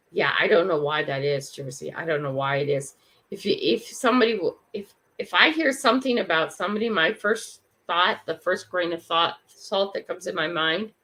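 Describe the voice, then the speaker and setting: Her voice sits fairly low in pitch with a fairly bright tone. This older woman runs a morning livestream as host, calling out viewers by name and thinking aloud in a relaxed, reflective live chat.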